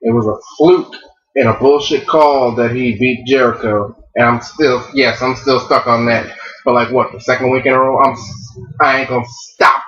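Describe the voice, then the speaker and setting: A man's voice: medium pitch, fairly even intonation, moderate pace, a bit bright, roomy sound, dull audio. A man co-hosting a casual wrestling review, blunt and profane. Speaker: wrestling show co-host.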